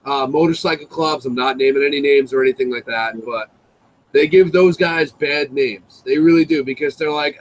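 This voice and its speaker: Young guy, kinda high voice, swearing and slinging greaser slang, animated storyteller. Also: normal speed, a little hiss or hum, poor audio. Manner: profane, slangy greaser talk. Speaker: live stream guest. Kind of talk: casual storytelling chat.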